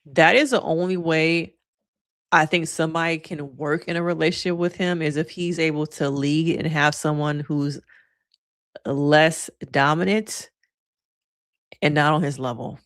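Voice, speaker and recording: Animated woman therapist chatting with viewers. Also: low voice, measured pace. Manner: chatty and animated, addresses viewers as y'all, acts out quotes. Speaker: licensed therapist and reaction commentator. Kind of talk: casual reaction vlog commentary.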